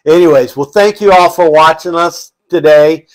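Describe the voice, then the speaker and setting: A man co-hosting a casual chat, telling family stories in an animated way and laughing often. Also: fairly high pitch, moderate pace. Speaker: co-host.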